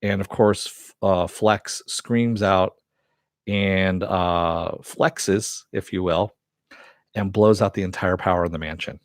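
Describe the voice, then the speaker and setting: A man's voice: deep voice, steady tone, slow pace, dry recording, studio quality. A man casually recapping a TV episode, retelling the scenes in a loose, rambling way and swearing freely. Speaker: TV show reviewer.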